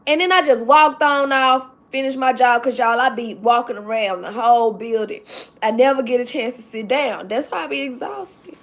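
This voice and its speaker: Emotional woman telling a live-stream story. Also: sits high. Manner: emotional, talks to the chat directly, repeats herself. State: close to tears. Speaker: livestream host telling a story.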